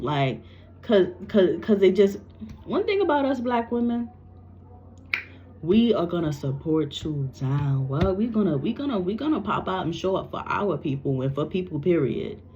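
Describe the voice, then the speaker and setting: A woman's voice: on the low side, mellow, highs cut off, slight background noise. A psychic medium, a woman from New York, animatedly tells a personal story to camera and swears freely.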